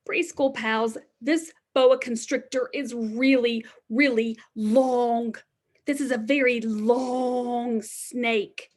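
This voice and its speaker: A woman reading a picture book aloud to young children as their preschool teacher, animated and sing-song, often dropping to a hushed whisper. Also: on the high side.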